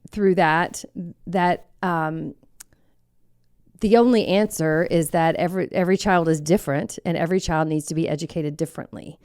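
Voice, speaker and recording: A woman's voice: fairly low pitch, a little mellow, clear, resonant tone, dry recording, studio quality. A woman from Kentucky who leads an advocacy group, answering interview questions in a thoughtful, explanatory way. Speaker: executive director of an advocacy group.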